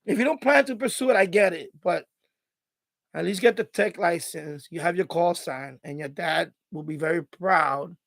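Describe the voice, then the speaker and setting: In a high-pitched, creaky, fairly bright voice at a moderate pace, with no echo, a middle-aged man chats casually on a live stream from his home. He grows emotional and choked up, rambling and restarting often.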